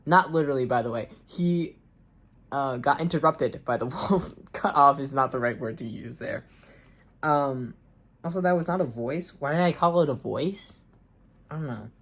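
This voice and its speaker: A woman's voice: a bass voice, moderate pace. A young woman reading aloud a story she wrote as a child, breaking in with sarcastic comments and frequent ums. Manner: sarcastic asides, frequent ums and uncertain trailing off. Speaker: reader and commentator.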